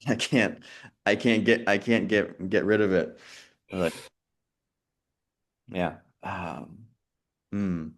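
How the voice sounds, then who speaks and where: Slow-talking man thinking aloud. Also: sits low, steady tone. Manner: thinks aloud, mutters softly while recalling, laughs often. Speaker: quiz co-host. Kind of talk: casual quiz chat.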